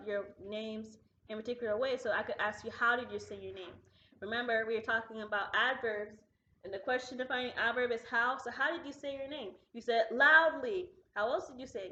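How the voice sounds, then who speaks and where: A woman's voice: on the high side, a bit bright. Patient teacher woman in an echoey classroom. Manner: patient, deliberate, speaks slowly when modeling example sentences. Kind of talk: recorded classroom lesson for remote students. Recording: echoey room, dull lo-fi sound.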